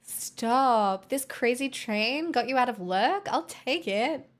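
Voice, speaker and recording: A woman's voice: high voice, lively intonation, a little slow. A woman from the southeastern US hosting a livestream, chatting casually and teasing her viewers as she reads the chat. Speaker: livestream host.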